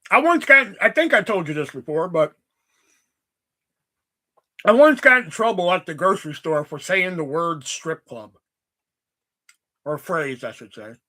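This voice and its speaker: A young man hosting a livestream, telling casual stories in an animated, profane way and acting out quotes. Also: a little high, a little slow, pauses often. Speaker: livestream host. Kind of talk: casual storytelling chat.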